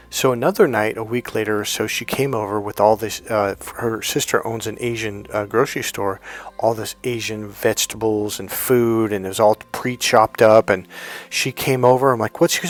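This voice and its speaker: Man, dating coach, storytelling monologue, jumps into a high voice to quote her, faint music bed. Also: normal speed. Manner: animated storyteller, high-pitched when quoting his girlfriend.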